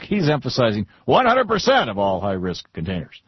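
A man's voice: mid-range voice, huge pitch swings, brisk, breathy edge, no echo, highs cut off. A middle-aged man hosting a talk radio show, lecturing in an indignant, sarcastic way.

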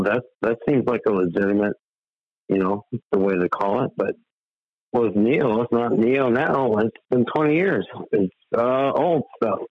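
A man calling in to a talk show, rambling and halting, swearing as he rants. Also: mid-range voice, no echo, highs cut off. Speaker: caller. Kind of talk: casual call-in talk.

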